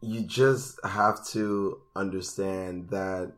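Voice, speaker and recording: A man's voice: low voice, fairly even intonation, very slow. Slangy man. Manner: blunt, slangy, profane. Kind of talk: casual chat.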